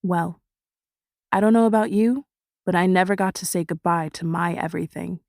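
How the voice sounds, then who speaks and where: A woman voicing a cold, condescending young man in an audiobook, speaking in a quiet, clipped, low-key way. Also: moderate pace, vocal fry, no room sound, clean studio sound. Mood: grim, earnest. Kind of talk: audiobook character voice.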